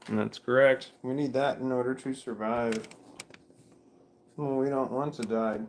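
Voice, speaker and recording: A man's voice: medium pitch, steady tone, measured pace, echoey room, slight background noise. A middle-aged man livestreaming from home, rambling and correcting himself while coughing often. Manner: meandering, self-correcting, chuckling to himself. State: coughing repeatedly. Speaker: vlogger livestreaming. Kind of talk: rambling casual self-talk. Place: home room with a fan running.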